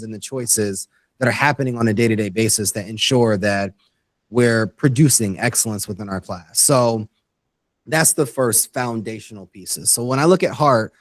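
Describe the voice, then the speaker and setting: A man's voice: mid-range voice, dry recording. Earnest man explaining step by step. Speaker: guest educator. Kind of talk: interview conversation.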